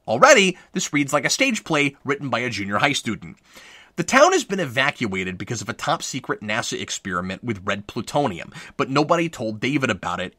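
A man's voice: medium pitch, sharp tone, dry recording. A man reading a scripted movie review in a wry, sarcastic manner, close to the mic.

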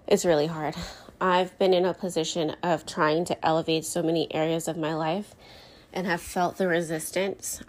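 A woman's voice: on the low side, steady tone, normal speed, a little mellow. A woman in her thirties hosting her own podcast, talking candidly with lots of fillers, tired and close to tears. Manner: candid, rambling, many fillers like "you know" and "like". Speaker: podcast host. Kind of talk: candid solo podcast talk.

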